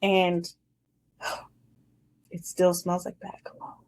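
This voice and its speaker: A woman's voice: fairly low pitch, monotone, very slow, darkish tone. A woman in her twenties hosting a casual chat show, animatedly telling a dating story and acting out the scenes. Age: 20s. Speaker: host.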